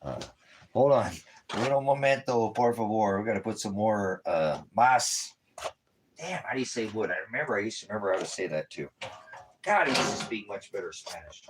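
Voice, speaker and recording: Deep-voiced man rambling with rhymes. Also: expressive, a little fast, a little hiss or hum. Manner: rambling, punning and rhyming wordplay. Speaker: street preacher hosting a ministry stream. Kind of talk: rambling casual monologue. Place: at home with a dog and a fire.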